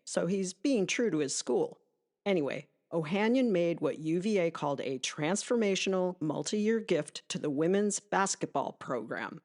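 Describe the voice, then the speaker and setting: A woman hosting a podcast, reading a scripted sports monologue in a conversational, emphatic way with asides to the listener. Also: fairly low pitch. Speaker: podcast host.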